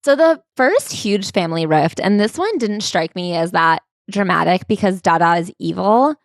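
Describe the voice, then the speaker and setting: A woman's voice: lowish voice, animated, no room sound, clean studio sound. Woman co-host summarizing a memoir. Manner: brisk, summarizing, wry. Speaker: podcast co-host. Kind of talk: casual book club chat.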